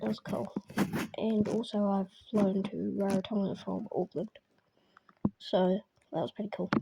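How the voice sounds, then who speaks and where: A woman's voice: medium pitch, level tone, moderate pace, gravelly, background noise. A woman co-hosting a podcast in casual chat, reacting to a story with short exclamations. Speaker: podcast co-host.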